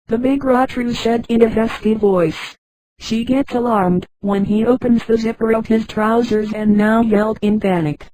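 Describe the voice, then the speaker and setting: A synthetic woman's voice narrating a spoken sci-fi story, reading on evenly and flatly and speaking punctuation marks aloud. Her tone is a little high and mellow, and the sound is dry and close. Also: a little slow, no echo, rough recording.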